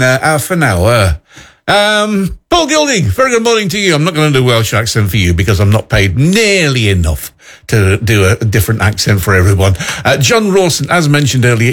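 A man's voice: medium pitch, slightly rough. A man hosting a local morning radio show, chatty and rambling, full of self-deprecating asides. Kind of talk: casual radio chat.

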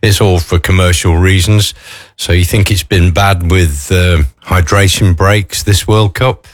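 A man's voice: sits low, steady tone, unhurried, no echo, studio quality. A man talking casually to camera in a chatty, wry way, full of asides. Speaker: vlogger. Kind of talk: casual morning chat.

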